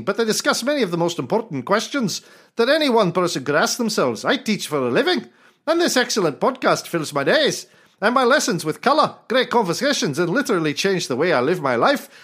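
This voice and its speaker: Man doing a hammy Irish listener gushing over a show, lively lilting pitch. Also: fairly quick, breathy edge, heavily acted. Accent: put-on Irish. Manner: exaggerated, hammy reading. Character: enthusiastic male Irish listener reading a review.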